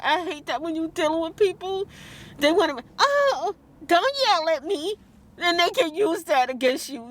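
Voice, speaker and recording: A woman vlogging in a heated, tearful rant, talking fast and quoting others. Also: high-pitched, fairly bright tone. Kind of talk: emotional vlog rant.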